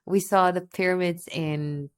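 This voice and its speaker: A bubbly twenty-something English teacher from North Macedonia, appearing as a guest in a casual interview, gushes enthusiastically, laughs often, and says "oh my God." Her voice is fairly low, smooth, and unhurried, with fairly even intonation.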